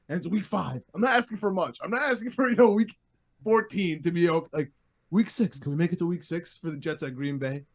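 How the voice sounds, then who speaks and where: Young New guy co-hosting a sports podcast, fed up and animated, voice a bit high. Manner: exasperated, animated storytelling with laughs. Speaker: podcast co-host. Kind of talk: casual sports chat.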